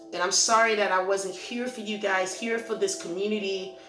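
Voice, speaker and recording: A Christian ministry channel host with a medium-pitched, somewhat bright voice addresses the camera casually and encouragingly. Her talk is earnest and self-reflective, and she tends to ramble. There's a roomy echo with faint music.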